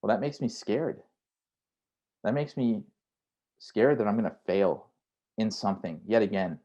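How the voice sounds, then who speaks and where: Male career coach with a slightly low voice, relaxed and chatty workshop delivery, keeps tagging lines with "right?". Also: unhurried, lo-fi sound. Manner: conversational, frequent "right?" tags; acts out inner voices in quotes. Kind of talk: online workshop talk.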